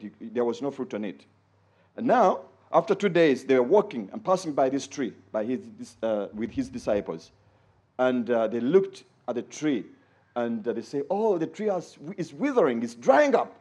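A male preacher delivers a sermon with a lively, swooping delivery. His voice carries a husky edge. He jumps up high when he acts out quoted speech, then sinks low and quiet for asides. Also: normal speed. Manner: animated preaching, rising to high exclaims when quoting and dropping low for asides.

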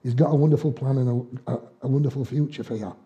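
A man's voice: medium pitch, fairly even intonation, fast, mellow. A man with a Northern English accent preaching a conversational sermon, telling homely personal stories with humour and frequent laughs. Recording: dull, muffled lo-fi sound.

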